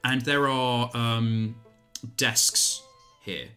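A man narrating a tabletop game as game master, in a relaxed, descriptive way with many fillers. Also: mid-range voice, very slow, soft background music.

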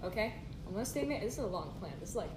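A woman's voice: mid-range voice, lively intonation, racing. Playful young woman in an echoey room. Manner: playful, laughing, scheming storyteller. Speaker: podcast co-host, student technical director. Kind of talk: casual chat. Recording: echoey room, noisy, no microphone.

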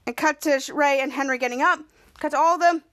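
High bright-voiced woman podcast host. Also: fast talker. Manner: rambling, repeats herself, acts out quotes loudly. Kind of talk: casual episode recap.

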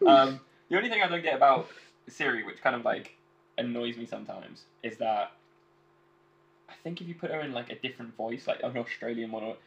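A young man talking fast in an easy, rambling way, with swearing dropped in here and there. His voice sits at an ordinary pitch, and the recording sounds dull and lo-fi. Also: lively intonation, vocal fry, fairly bright tone. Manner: loose and rambling, swears freely, laughs often. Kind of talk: casual chat.

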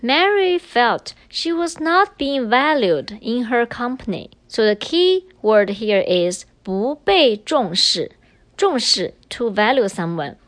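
A woman's voice: a little high, sing-song, slow, no echo. A woman teacher explaining grammar patiently in a recorded language lesson, moving between English and Chinese.

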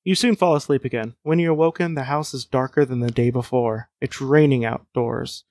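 A man's voice: mid-range voice, moderate pace, a little mellow, dry recording. A man hosting a podcast, reading out a choose-your-own-adventure story and chatting casually with laughs between passages. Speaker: host and gamebook reader.

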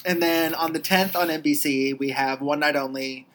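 A woman's voice: deep voice, fairly even intonation, moderate pace, a little hiss or hum, poor audio. A woman hosting a podcast in casual chat, running through upcoming releases in a matter-of-fact way. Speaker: podcast host.

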